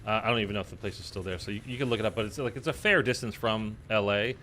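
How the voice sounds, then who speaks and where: A man telling a personal story in casual chat, rambling with many fillers and loudly acting out quoted lines. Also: fairly low pitch, racing, slight background noise. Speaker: streamer. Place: in Los Angeles.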